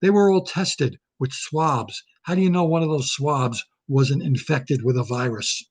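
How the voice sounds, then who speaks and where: A man with a medium-pitched, slightly slow voice and a breathy edge rants to camera in a satirical political bit. He is heated and indignant and keeps repeating himself, like a comedic ranter. It was captured on a webcam or laptop camera.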